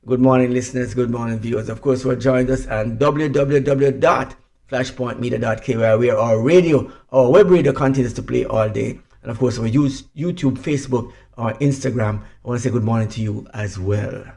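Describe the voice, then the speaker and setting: Gravelly-voiced man co-hosting morning radio. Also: mid-range voice, moderate pace, a little mellow. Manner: rambling, repeats himself. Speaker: radio show co-host.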